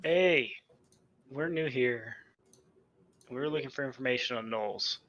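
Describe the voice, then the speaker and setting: A man playing a tabletop game, speaking quietly and quickly. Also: mid-range voice, muffled recording. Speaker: player.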